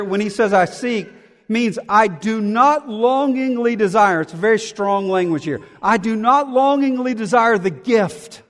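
A man's voice: high voice, in a large hall. A male pastor preaching a sermon in an expository, conversational way with emphatic asides.

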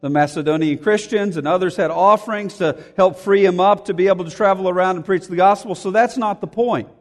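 A man's voice: high voice, a little fast. A man preaching an expository sermon, reading scripture aloud and explaining it verse by verse, stressing key phrases by repeating them. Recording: long hall reverb.

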